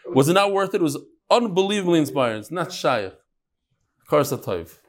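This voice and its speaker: A man's voice: sits high, expressive, fast. A man giving a casual daily Talmud class, chatty, with frequent Yiddish and Hebrew terms. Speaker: Talmud teacher.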